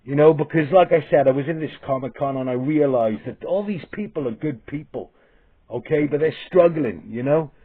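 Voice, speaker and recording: Swearing man on tinny audio. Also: fairly high pitch. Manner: heavy swearing, halting restarts, repeated "okay?". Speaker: vlogger. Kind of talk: ranting monologue to camera.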